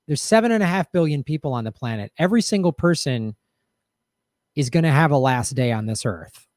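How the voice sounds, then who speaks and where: A man's voice: on the high side, animated, a little fast, darkish tone, dry recording, studio quality. A man hosting a show, talking in a casual, reflective and rambling way to his viewers, with many fillers and restarts. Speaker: show host. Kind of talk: casual commentary to live chat.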